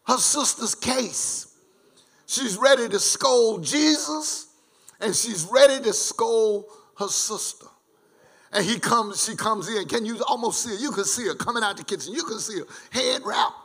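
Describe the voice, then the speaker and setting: A male pastor delivers a sermon at an unhurried pace, stressing his points and repeating words. His voice sits high and bright with a gravelly rasp. He breaks off into chatty asides to the congregation.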